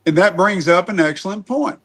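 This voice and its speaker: A middle-aged man with a fairly high voice hosts a relaxed podcast conversation. He talks in a folksy, meandering way and restarts his sentences as he goes. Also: brisk. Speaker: podcast host. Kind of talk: casual podcast chat.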